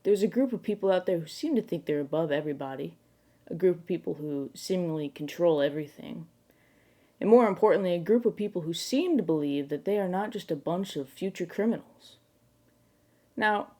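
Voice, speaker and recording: A woman's voice: fairly low pitch, expressive, normal speed, mellow. A woman hosting a parody late-night show, delivering a mock-serious monologue that swings into outraged, swearing rants.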